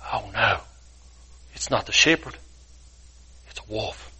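A man's voice: on the low side, takes it slowly, pushed and bright, breathy edge, voice pushed down, exaggerated voice. A man voicing a lost young sheep in a spoken parable, talking plaintively to himself as the sheep waits for its shepherd. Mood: frightened. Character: lost, frightened young sheep, trusting and hopeful.

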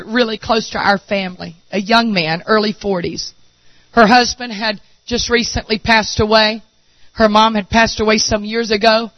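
A male preacher, telling a story in a sermon and building to impassioned shouting. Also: extremely high pitch, no room sound, low-quality recording.

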